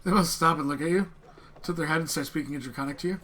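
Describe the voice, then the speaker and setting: A man's voice: on the high side, fairly bright tone, slight background noise. A man running a tabletop game as game master, narrating with many fillers and restarts. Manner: halting, filler-heavy narration.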